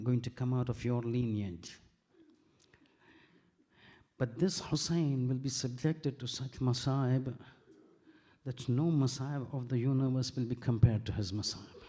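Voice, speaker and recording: Man, preacher, religious sermon, earnest storytelling, quick Arabic recitation, mid-range pitch. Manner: earnest and steady, quoting scripture and narrating; recites Arabic verses rapidly.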